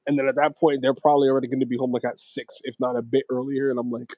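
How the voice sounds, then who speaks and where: A man's voice: medium pitch, level tone, rapid-fire, few pauses, mellow, no room sound, lo-fi sound. Young man rambling on a livestream. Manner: rambling, filler-heavy and slangy. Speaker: livestream host. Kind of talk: casual chat.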